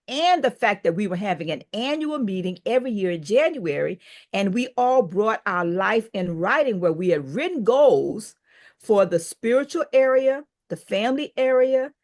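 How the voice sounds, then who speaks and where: An older businesswoman tells a long story as a podcast guest. She brings it to life by acting out the people she quotes. Her voice sits at a middle pitch. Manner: animated storyteller who acts out quoted dialogue. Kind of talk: storytelling in an interview.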